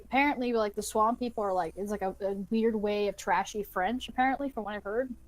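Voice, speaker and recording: A woman's voice: medium pitch, fast, poor audio. A woman playing a tabletop game, chatting casually and swearing freely. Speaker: player.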